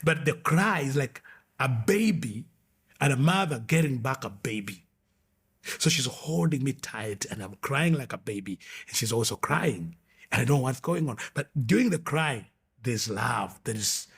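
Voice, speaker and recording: Husky guy telling his testimony, earnest, keeps restarting sentences. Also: mid-range voice, expressive. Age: 20s or older, adult. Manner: earnest, halting storytelling with repeated restarts. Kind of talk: emotional personal testimony.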